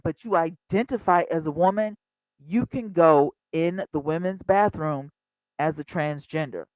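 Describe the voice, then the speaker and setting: A woman in her fifties hosting a casual livestream, chatty and animated, talking straight to her viewers. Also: fairly low pitch, dry recording, low-quality recording. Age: 50s. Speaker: livestream host.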